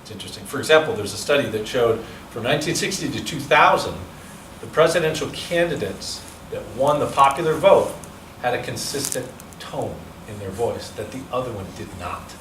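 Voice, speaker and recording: A man's voice: medium pitch, lively intonation, a little fast, fairly bright tone, a little hiss or hum. A male speaking coach leading a seminar, explaining measurements in a chatty, explanatory way and answering questions. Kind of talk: seminar lecture. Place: seminar room. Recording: echoey room, from a distance.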